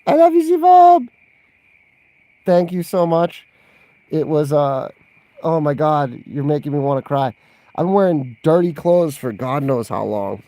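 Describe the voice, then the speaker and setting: Man, gravelly voice, slightly high pitch, rambling casual livestream chat, laughs a lot. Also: measured pace, mellow, no room sound. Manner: rambling and chatty, laughs often, reacts to live chat. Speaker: vlogger answering viewer questions.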